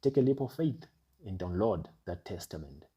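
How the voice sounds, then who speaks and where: A man's voice: deep voice, lively intonation, normal speed, mellow. A man delivering an ominous, emphatic monologue as an online commentator, building urgency through repeated rhetorical phrases. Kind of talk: dramatic monologue.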